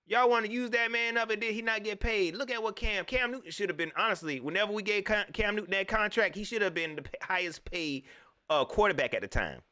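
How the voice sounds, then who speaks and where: A man from the States, giving an animated, preachy fan rant that repeats its points in slangy talk. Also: high-pitched, fast, smooth. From Southern United States. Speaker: sports vlogger, fan commentator. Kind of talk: ranting fan commentary.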